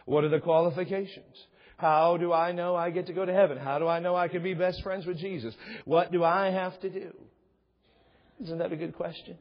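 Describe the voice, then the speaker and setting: A middle-aged man preaching a sermon as pastor, talking conversationally and acting out little dialogues. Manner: conversational, acts out dialogues with rising pitch. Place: church sanctuary. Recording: dull sound with long hall reverb.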